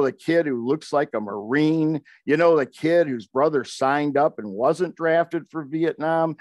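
A man's voice: on the high side, darkish tone, dry recording. An older man, a poet, reading aloud from his memoir with wry, conversational asides.

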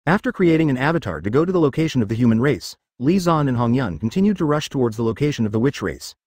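A man narrates a web novel in an even, machine-like way. His pitch rises and falls a lot. The sound is dry and close. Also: fast talker, no room sound. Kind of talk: text-to-speech novel reading.

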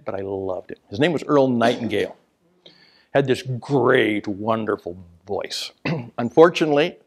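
Mid-range and marked by vocal fry, this man's voice carries a storytelling business talk. As a motivational speaker he stays animated, laughs at his own stories, and sinks to a hushed whisper for emphasis.

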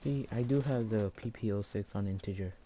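A man chatting casually while he plays, retelling his kills in an excitable, rambling way with lots of restarts. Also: lowish voice, fairly quick, highs cut off. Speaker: gamer recording his play. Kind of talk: casual gameplay chat. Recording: game gunfire and noise behind. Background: video game gunfire.

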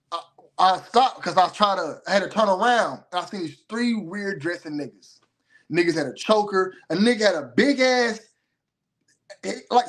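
Animated profane man with a high voice. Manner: animated, profane, rambling storytelling. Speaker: host. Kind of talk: casual commentary and storytelling.

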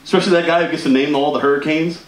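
A man's voice: fairly high pitch, fairly even intonation, rapid-fire. A man performing a stand-up comedy routine, chatty and laughing through his punchlines. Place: comedy club stage. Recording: echoey room with loud audience laughter.

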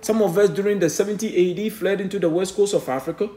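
A man preaching with excitement, reading verses aloud and then explaining them, often tagging his lines with a questioning "eh?". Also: sits high, fast talker. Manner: fervent, punctuates lines with questioning "eh?". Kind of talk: excited scripture teaching. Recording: echoey room.

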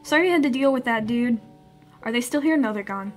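A woman's voice: fairly high pitch, fairly quick, faint music behind. A woman streamer chatting casually and reacting aloud as she plays a story game.

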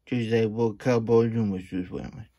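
A man's voice: fairly low pitch, steady tone, normal speed, warm tone. A man hosting a casual storybook reading, with playful cowboy-persona banter and rambling asides. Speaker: children's book reader.

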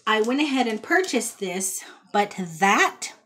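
A woman's voice: fairly high pitch, lively intonation, unhurried, fairly bright tone. A woman chatting casually to camera about her thrift finds in a child's bedroom at home, rambling and folksy. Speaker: thrift haul vlogger.

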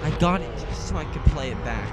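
A man's voice: fairly high pitch, expressive, quick pace, over loud music, low-quality recording. Indignant young man ranting on webcam. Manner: indignant, scornful, keeps repeating "stupid". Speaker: channel host. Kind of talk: webcam rant. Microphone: small webcam.

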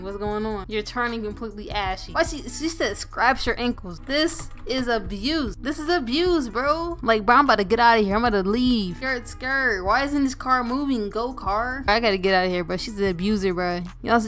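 Playful young woman doing game commentary. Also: a little high. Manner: playful and animated, mock-outraged, laughs often. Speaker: gaming YouTuber. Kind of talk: casual gameplay commentary.

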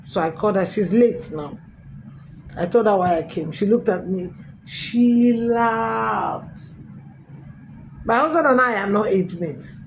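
A middle-aged woman pastor, telling her testimony in a sermon with emphatic, animated storytelling. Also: medium pitch, measured pace, pauses often, a little hiss or hum, poor audio. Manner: storytelling with acted quotes, emphatic swings. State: recovering from a tooth extraction.

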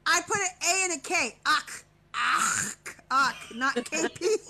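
A woman's voice: sits high, lively intonation, slow pace, sharp tone. An American woman in casual comedic banter, exasperated, swearing and laughing in frustration. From United States.

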